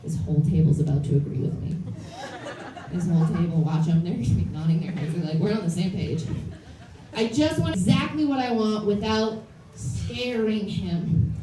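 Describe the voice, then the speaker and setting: A woman's voice: mid-range voice, normal speed, mellow. A woman in her late twenties doing a blunt, self-deprecating stand-up comedy set in front of a live audience at a comedy club. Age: late 20s. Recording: distant, roomy, noisy club recording.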